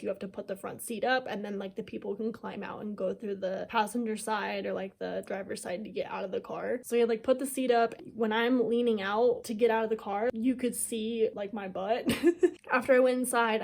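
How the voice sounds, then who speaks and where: Young woman vlogger, twenties, casual storytelling, lots of "like", higher-pitched. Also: vocal fry, a little mellow. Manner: chatty, self-mocking, heavy "like" filler. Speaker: YouTuber.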